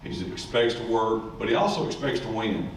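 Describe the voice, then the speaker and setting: At a ceremony, a high school coach delivers a folksy, rambling, joke-filled speech in a lowish voice at a moderate pace. He's recorded from a distance in an echoey room, with faint noise humming underneath.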